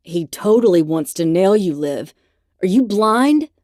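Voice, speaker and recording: A woman's voice: low voice, unhurried, warm tone, no echo, studio quality. A woman putting on a sarcastic jealous young boyfriend. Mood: jealous, gruff. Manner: gruff, sarcastic, clipped.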